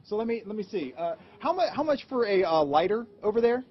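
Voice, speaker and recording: A man's voice: sits high, sing-song, brisk, slight background noise. A male reporter making teasing, wry jokes in a street interview. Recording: dull lo-fi news clip.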